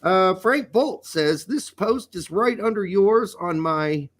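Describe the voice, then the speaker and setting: A man's voice: high-pitched, expressive, takes it slowly. A middle-aged man co-hosting a casual podcast, riffing in joking, profane banter. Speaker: podcast co-host. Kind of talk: casual chat.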